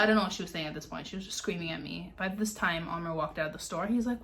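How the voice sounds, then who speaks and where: A young woman vlogger telling a dramatic story in a casual, animated way, full of fillers and acted-out sounds. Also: on the low side, quick pace, creaky, few pauses, a little hiss or hum.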